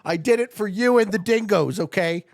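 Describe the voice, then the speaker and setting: A man's voice: high voice, moderate pace, creaky, dry recording, studio quality. A man streaming a strategy game live, commenting on his moves, laughing and chatting with his viewers.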